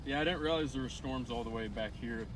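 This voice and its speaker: A man chasing storms with friends, making quick, dry remarks. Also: medium pitch, a little hiss or hum, rough recording. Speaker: fellow storm chaser. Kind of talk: casual chat.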